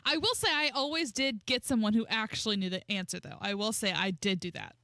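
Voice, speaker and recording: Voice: medium pitch, brisk, sharp tone, dry recording, clean studio sound. A radio co-host chatting casually and laughing easily.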